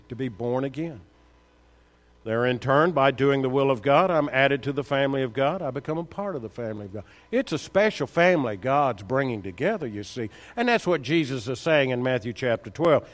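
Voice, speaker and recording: A man's voice: mid-range voice, lively intonation, brisk. A man preaching a sermon, firing rhetorical questions at the congregation and building to emphatic peaks.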